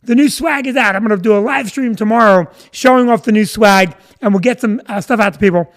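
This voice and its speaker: Rambling New comedian on a live stream. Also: male voice, sits high, fairly quick. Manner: rambling, stops to greet viewers by name. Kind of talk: casual storytelling to viewers.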